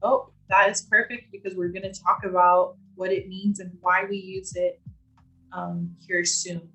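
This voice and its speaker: A woman's voice: medium pitch, bright, forceful tone. Woman trainer on a video call, loose and chatty with lots of fillers, roomy echo, faint music behind. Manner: chatty, with many fillers and restarts. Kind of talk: casual live online training.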